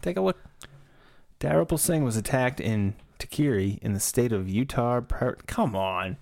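A man's voice: medium pitch, animated, normal speed, creaky, a little mellow, dry recording, studio quality. A man co-hosting a podcast, joking crudely and reading news stories aloud in casual chat. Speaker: podcast co-host.

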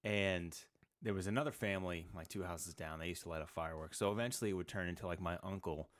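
Low-voiced man bantering, dry room. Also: fast talker, dry recording. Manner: teasing, profane banter. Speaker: podcast co-host. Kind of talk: casual chat.

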